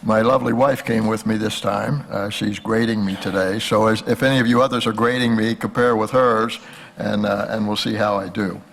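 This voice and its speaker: Gravelly older man giving a folksy lecture. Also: lowish voice, steady tone, moderate pace. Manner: folksy, hesitant with many fillers. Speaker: guest speaker, historian. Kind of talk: lecture with jokes.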